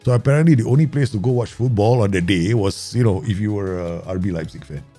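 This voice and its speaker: A man, excitedly commenting on his own football management game for viewers. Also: lowish voice, fast, faint music behind. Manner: excitable, laughs often, talks to viewers. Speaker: gaming YouTuber.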